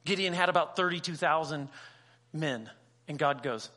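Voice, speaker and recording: Bright-voiced pastor, high for a man. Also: moderate pace. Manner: conversational, acts out dialogue in quoted voices; humorous asides. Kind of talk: sermon.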